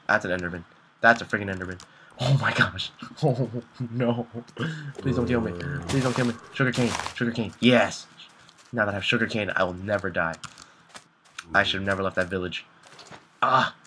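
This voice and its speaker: This is live gameplay commentary from a young man narrating his own video game, panicky and talking to himself as he repeats words in frantic bursts. His voice sits on the low side, with background noise present.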